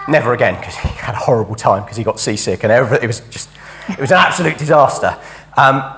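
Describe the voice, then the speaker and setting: A man's voice: medium pitch, a bit bright, slight background noise. A man giving a chatty, jokey sermon at a church camp service. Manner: chatty and jokey, leading a game with helpers. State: out of breath. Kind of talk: lively all-age sermon.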